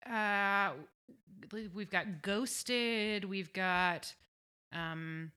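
A woman's voice: medium pitch, fairly even intonation, drawn-out words, sharp tone, smooth. A woman co-hosting a podcast, chatting casually about a TV episode, swearing freely and laughing often. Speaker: podcast co-host. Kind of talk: casual chat recap.

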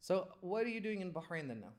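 Woman host, low voice, teasing and blunt interviewer. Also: very animated, fast, a little mellow. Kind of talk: casual chat.

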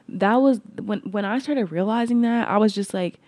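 A woman's voice: mid-range voice, moderate pace, hardly any pauses, a little mellow, no room sound. A woman hosting her podcast, talking earnestly in a reflective personal monologue, with frequent restarts and "like" fillers. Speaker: podcast host.

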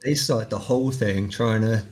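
An easygoing young man chats as a podcast co-host and laughs easily. His voice sits a little low. He sounds relaxed and friendly. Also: normal speed, crowd noise. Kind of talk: casual podcast chat.

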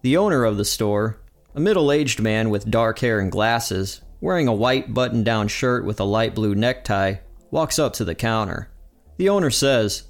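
A man hosting a podcast and narrating an episode recap in an energetic, upbeat way. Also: on the low side, normal speed, faint music behind. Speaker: podcast host.

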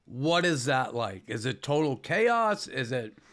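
Male podcast host, rambling interview questions, mid pitch. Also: sing-song, a little slow, fairly bright tone.

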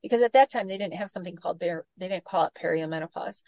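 A woman in her forties, a gut health coach, telling stories with lively acted-out quotes in a casual interview. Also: lowish voice, very fast, no room sound. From Michigan, United States. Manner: animated storytelling, acts out quoted voices.

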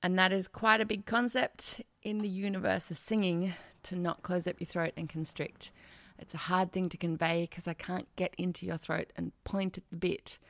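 A woman teaching singing from a home studio, chatty and playful as she demonstrates techniques. Her voice is bright and forward, recorded dry and close. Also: on the low side, level tone, normal speed, no room sound. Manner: chatty and playful, sings scale degrees and demos silly twangy voices. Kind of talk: online vocal lesson. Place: home studio with birds and geckos outside.

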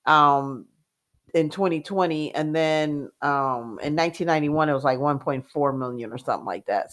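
A woman, co-hosting a casual chat and telling stories in an animated way, with fillers and laughs. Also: low-pitched, normal speed. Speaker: co-host.

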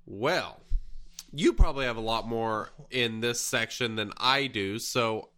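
A man hosting a casual gaming podcast, talking in a relaxed, rambling way with plenty of fillers. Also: medium pitch, measured pace. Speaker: podcast host.

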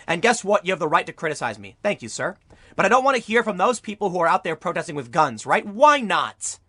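A man's voice: on the high side, very animated, fast talker, pushed and bright, husky, dry recording. A young man delivering an argumentative opinion monologue as a political commentary YouTuber, full of rhetorical questions.

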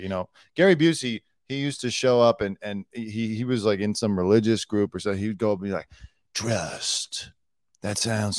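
A man's voice: mid-range voice, a little mellow, clear, resonant tone, no room sound, studio quality. A man hosting a podcast in casual chat, telling stories wryly and conversationally. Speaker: podcast host.

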